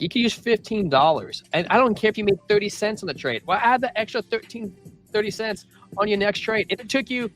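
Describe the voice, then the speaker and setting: A man's voice: a little high, a bit bright. A man co-hosting a casual crypto livestream, rambling and joking as he gives trading advice and reads chat messages aloud. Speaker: crypto show co-host.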